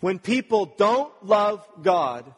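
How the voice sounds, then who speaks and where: A man's voice: sits high, sing-song, slow pace, slightly rough. A man preaching a sermon, earnest and talking to the congregation with rhetorical questions. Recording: long reverb of a large hall.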